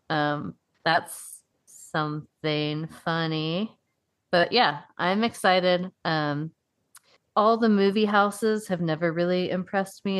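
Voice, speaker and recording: A podcast co-host from upstate New York chats casually, packing her talk with fillers and frequent swearing. She has a low voice with a clean tone.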